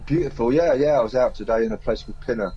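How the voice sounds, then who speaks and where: A man's voice: mid-range voice, fast, lo-fi sound, slight background noise. A man, a singer-songwriter, chatting easily as a guest on a radio show. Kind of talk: casual interview chat.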